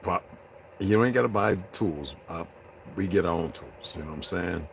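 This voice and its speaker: A man's voice: moderate pace, gravelly, a little hiss or hum. A man hosting a casual, joking chat with his viewers, laughing often. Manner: loose, joking, laughs often, slips into high excited voices. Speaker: channel host.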